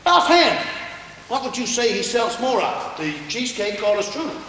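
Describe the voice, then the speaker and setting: A man playing a high, wheedling New York Jewish gambler. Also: sing-song, normal speed, bright, forceful tone, slight background noise, heavily acted. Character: anxious fast-talking male gambling organizer. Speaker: stage actor. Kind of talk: stage musical acting. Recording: echoey stage from far off.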